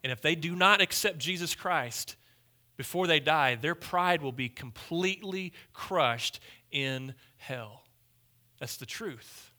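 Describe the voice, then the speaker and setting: A male pastor delivers a sermon with an emphatic, repetitive style. His voice sits a bit high and has a very bright, sharp edge. He swings between quiet, hushed phrases and loud declarations. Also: takes it slowly.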